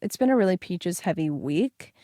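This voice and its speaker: A woman's voice: lowish voice, lively intonation, moderate pace, warm tone, no echo, studio quality. A woman co-hosting a casual podcast, chatting loosely with lots of fillers. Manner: chatty, lots of ums and likes. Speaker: podcast co-host. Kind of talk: casual chat.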